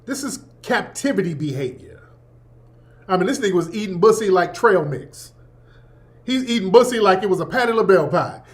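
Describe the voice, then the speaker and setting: A man with a notably high voice talks as host of his own show. His commentary is emphatic and preachy, full of profanity and repeated points, delivered in a loose, casual manner. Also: animated, normal speed.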